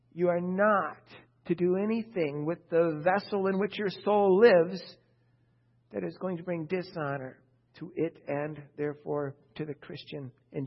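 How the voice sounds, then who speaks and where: A man preaching a sermon from scripture, emphatic and forceful, pressing his listeners with rhetorical questions. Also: high-pitched, slightly rough. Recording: dull, muffled lo-fi sound.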